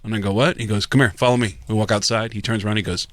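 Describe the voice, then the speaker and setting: Bright, dry-voiced comedian telling stories. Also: male voice, lowish voice, racing, dry recording. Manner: animated, acts out quoted people. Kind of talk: casual podcast storytelling.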